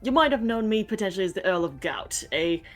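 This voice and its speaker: A woman's voice: medium pitch, very animated, fast talker, faint music behind, close to an everyday voice. A woman voicing a humble male doctor who speaks modestly and hesitantly.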